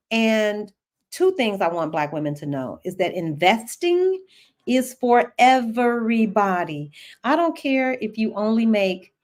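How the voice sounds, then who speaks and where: A middle-aged woman from the United States hosting a casual live-stream Q&A. She is chatty and animated, laughs often and talks straight to her viewers. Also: mid-range voice. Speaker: host answering viewer questions.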